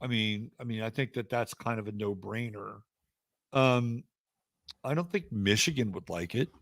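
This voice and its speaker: A man's voice: on the low side, normal speed, a bit bright, no room sound, clean studio sound. A man commenting on sports through astrology in casual talk-show debate, rambling and blunt with frequent hesitations. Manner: rambling, hesitant with many fillers and restarts, blunt.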